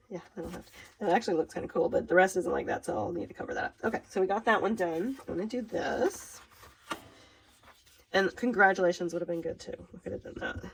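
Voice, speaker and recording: Gravelly, chatty Minnesotan woman. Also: lowish voice, brisk, pauses often, low-quality recording. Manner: chatty and rambling, laughs at herself. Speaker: craft demonstrator. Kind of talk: casual craft tutorial.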